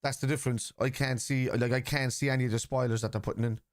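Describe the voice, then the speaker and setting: A man's voice: mid-range voice, steady tone, quick pace, no room sound, clean studio sound. A middle-aged man hosting a football watchalong, talking casually and bluntly while reading out and answering viewers' comments. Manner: blunt, combative with chat, reads comments aloud. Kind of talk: casual live-stream chat.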